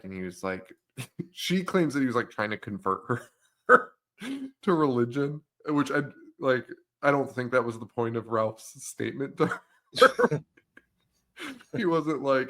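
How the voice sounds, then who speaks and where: A young man chatting on a podcast at a middle pitch, recapping a movie scene by scene. He laughs often and slips into quoted lines of the characters as he goes. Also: measured pace. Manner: laughs often, animated retelling with quoted voices. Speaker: podcast co-host. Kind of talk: casual movie-recap chat.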